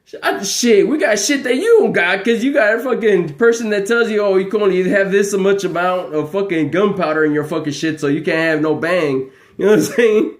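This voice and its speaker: Livestreaming man with a high voice, profane and animated, in an echoey room. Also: a little fast. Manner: profane, animated, laughing storyteller. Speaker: livestream host. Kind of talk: rambling livestream chat.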